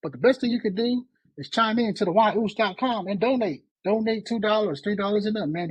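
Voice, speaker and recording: Husky laid-back male podcast host. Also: sits high, dry recording, poor audio. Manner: laid-back, peppers talk with "man". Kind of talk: casual podcast chat.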